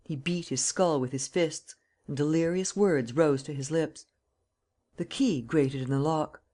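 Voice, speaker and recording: A man narrating a classic novel as an audiobook in a steady, measured reading style. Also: a little high. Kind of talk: scripted narration.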